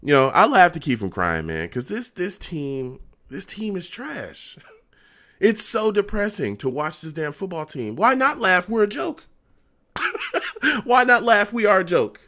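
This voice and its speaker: A man's voice: high-pitched, big pitch swings, unhurried, a bit bright. A young man on a live stream reacting to a football game, laughing constantly and exasperated, talking in slang to his chat.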